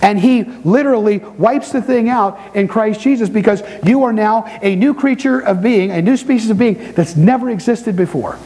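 A middle-aged pastor preaching to his congregation in a church, telling stories with quick asides and repeated words. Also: high-pitched, poor audio. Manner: animated storytelling preacher with quick asides and repetitions. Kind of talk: sermon. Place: church sanctuary before a congregation.

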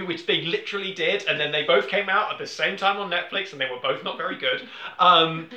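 A man chatting casually on a film podcast, rambling and animated as he acts out quotes. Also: high voice, a little fast. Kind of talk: casual chat. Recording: roomy echoey room.

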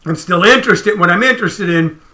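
A man hosting a casual livestream, ranting in an animated, emphatic, profane way. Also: sits high, quick pace. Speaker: comedian host.

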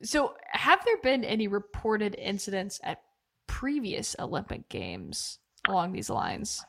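A woman's voice: mid-range voice, wildly swooping pitch, unhurried, vocal fry, a bit bright, breathy edge. A woman hosting a podcast, asking questions and joking playfully in casual chat. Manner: playful, laughs easily. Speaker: podcast host.

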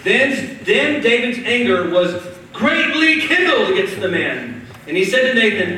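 A man preaching with lively, conversational storytelling, his voice high and bright. It rings around a big, echoing church hall and is picked up from some distance, with a faint background hiss. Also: a little slow. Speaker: pastor. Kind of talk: sermon. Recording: echoey hall from far off.

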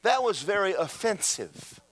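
This pastor's voice sits high, and he preaches at a measured pace inside a church. He tells his stories with animation, acting out the quoted voices.

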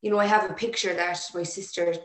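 Halting woman, low voice, echoey. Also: steady tone, fairly bright tone. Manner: emotional, halting, frequent restarts. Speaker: interview guest. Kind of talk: personal storytelling. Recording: echoey room.

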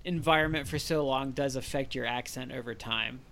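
An American man co-hosting a podcast, chatting casually, animated and self-deprecating with lots of fillers. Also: mid-range voice, moderate pace, vocal fry. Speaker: podcast co-host. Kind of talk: casual chat.

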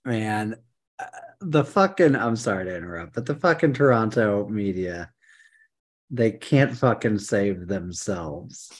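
Podcast co-host, mid pitch, sarcastic profane ranting, casual sports chat. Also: lively intonation, unhurried, breathy edge.

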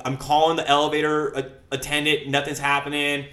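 A young man telling a story in a casual chat, swearing freely and acting out his panic with loud shouts. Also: a little high, fairly quick. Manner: profane, animated storyteller with shouted reenactments.

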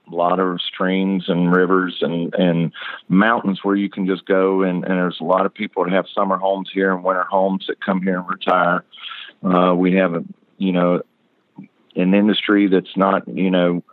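Southern coach, low flat voice, dry tinny phone line, easygoing and upbeat. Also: male voice, no echo. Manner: easygoing, upbeat, many restarts. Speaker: football coach. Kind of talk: phone interview.

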